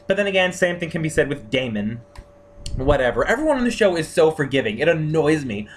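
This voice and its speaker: A man giving a casual spoken review of TV characters, excitable and gushing, full of fillers and restarts. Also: fairly high pitch, fairly quick. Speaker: TV series reviewer.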